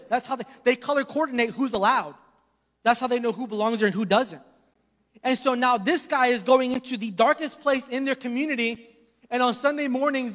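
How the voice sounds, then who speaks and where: Male pastor, very high voice, storytelling sermon with loud peaks and quiet asides, long hall reverb. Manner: storytelling preacher, swings from loud emphasis to hushed asides.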